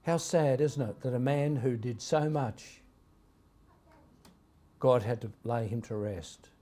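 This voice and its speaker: Aussie guy preaching in church, storytelling, gets loud then drops quiet, average pitch. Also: takes it slowly. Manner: storytelling, emphatic swings in loudness. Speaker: pastor. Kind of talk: sermon.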